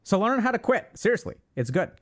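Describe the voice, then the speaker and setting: A man in his thirties giving life advice to his chat in casual livestream talk, emphatic and animated, swearing now and then. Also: high voice, fairly quick.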